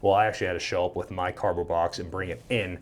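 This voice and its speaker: Animated storytelling man, low voice. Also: fast talker. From Minnesota. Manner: animated, swears freely, acts out quoted dialogue. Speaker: podcast guest. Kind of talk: casual storytelling.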